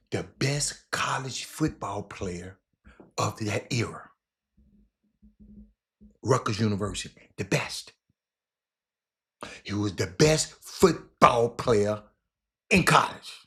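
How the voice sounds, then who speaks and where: An animated man talks history straight to his listeners in a medium-pitched voice. He stumbles and repeats words as he builds his point, calling out to the crowd. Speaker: host. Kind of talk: casual talk on history.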